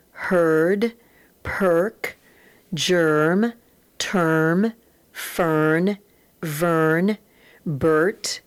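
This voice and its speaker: Slow, deliberate woman reading phonics words. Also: on the low side, dry recording. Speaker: reading teacher.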